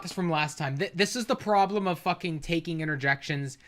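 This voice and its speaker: A man's voice: on the high side, brisk, a bit bright. A man streaming and reacting to a debate clip, arguing back in a profane, exasperated way and laughing at times. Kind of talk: heated livestream commentary.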